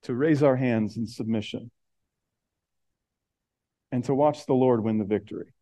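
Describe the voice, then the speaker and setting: A man preaching a sermon, earnest, slowing and dropping soft on key words, then rising as he builds. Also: no room sound. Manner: earnest, rises in pitch and intensity as he builds. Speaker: pastor.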